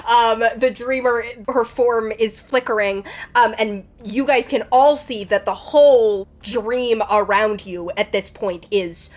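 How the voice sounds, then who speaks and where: Woman game master for a tabletop game; chatty, hesitant narration with a slightly high voice. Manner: chatty, full of ums and likes.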